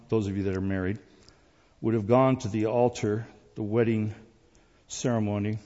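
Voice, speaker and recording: A man preaching a sermon with a dark, husky voice, swinging from emphatic lines to soft asides. His voice rings with long reverb, as in a large hall. The sound is a little dull. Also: lowish voice. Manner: rising to emphatic, then dropping to quiet asides. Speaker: pastor.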